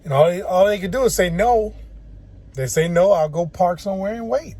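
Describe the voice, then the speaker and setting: Husky-voiced easygoing man in a truck cab. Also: high voice, expressive, brisk, mellow. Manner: chatty, easygoing, laughs at himself. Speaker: truck driver. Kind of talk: casual vlog talk to camera.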